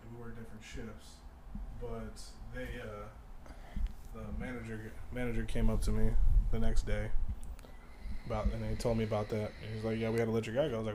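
A man calmly retelling a conversation in casual chat, in an even, low-key way. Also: brisk. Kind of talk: casual storytelling. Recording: noisy background.

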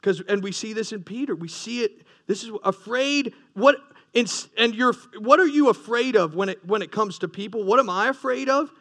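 A man's voice: high voice, normal speed, pushed and bright. A man preaching a sermon, earnest, with rising emphasis and frequent restarts. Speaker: pastor.

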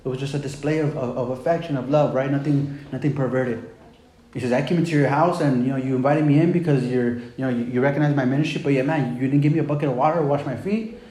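A fast-talking man with a warm, medium-pitched voice and fairly even intonation delivers a laid-back sermon. He often says "man" and "right?" and retells scripture in everyday words, recorded in an echoey room with faint background noise.

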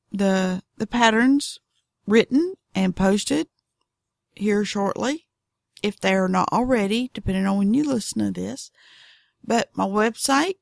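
A woman's voice: medium pitch, creaky, darkish tone, dry recording, clean studio sound. A middle-aged woman with a Southern US accent, hosting a knitting podcast in a chatty, folksy, drawling way. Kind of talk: casual podcast monologue.

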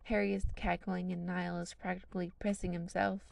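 Woman reading fan fiction aloud, low pitched, kinda wry and casual. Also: level tone, a little fast, creaky, no echo. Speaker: narrator.

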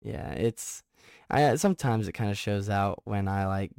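A young man hosting a casual sports podcast who gets excited, rambles and often restarts his sentences. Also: lowish voice, measured pace, clear, resonant tone, dry recording, clean studio sound. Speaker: podcast host.

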